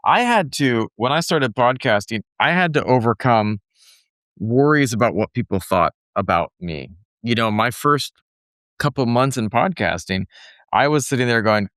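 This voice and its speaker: A man's voice: mid-range voice, lively intonation, normal speed, fairly bright tone, no echo, studio quality. A man hosting a podcast interview, laid-back and laughing often as he retells everyday moments. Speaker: podcast host. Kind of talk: conversational interview.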